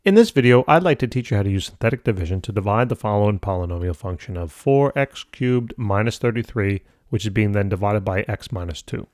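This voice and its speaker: A man's voice: on the low side, animated, fairly quick, few pauses, a little mellow, dry recording, clean studio sound. A man teaching a math lesson step by step in a casual, upbeat way with playful asides. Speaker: math tutor.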